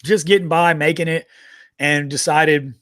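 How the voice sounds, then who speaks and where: A man's voice: on the high side, unhurried, dry recording. A man in his thirties, an army veteran co-hosting a podcast, telling stories casually with lots of swearing and laughter. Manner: profane, laughing, animated anecdotes. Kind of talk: casual storytelling.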